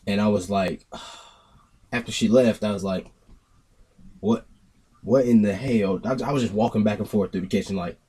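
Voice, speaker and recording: A young man telling a casual storytime monologue, rambling and animated, acting out what people said to him. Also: fairly low pitch, a little fast, husky. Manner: rambling, animated retelling with acted-out quotes.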